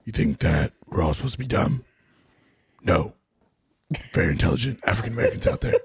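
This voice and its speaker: A man doing a comedic impression of a gruff, brooding male superhero vigilante, growled slowly with a deep, gravelly rasp. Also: slight background noise. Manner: slow growling deadpan delivery. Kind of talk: comedic impression in a podcast game.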